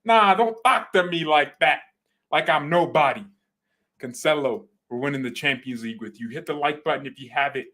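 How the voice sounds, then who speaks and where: A man hosting a football fan channel, talking in an excited, joking way and sometimes shouting. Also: fairly high pitch, normal speed. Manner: hyped and joking, shouting at times. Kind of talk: excited casual commentary.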